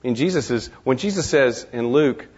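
A man talking through ideas in a reflective discussion, halting and restarting often. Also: medium pitch, expressive, husky, long reverb tail, highs cut off. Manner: halting, many restarts and repeated words.

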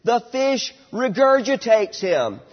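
A man in his thirties preaching a sermon, emphatic and slowing down on key words, dropping to a quieter storytelling tone for anecdotes. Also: very high-pitched, big pitch swings. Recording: dull lo-fi sound with long hall reverb.

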